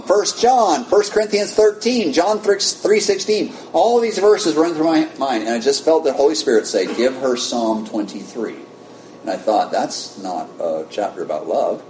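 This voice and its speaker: An American man preaching, telling a story with animated rises and soft, low drops. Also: a little slow. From United States. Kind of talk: sermon storytelling. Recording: echoey room with faint rumble.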